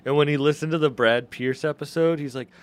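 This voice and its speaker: Easygoing male podcast host, higher voice. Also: steady tone, brisk, smooth, no room sound. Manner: easygoing, asks questions, laughs a lot. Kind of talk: casual podcast chat.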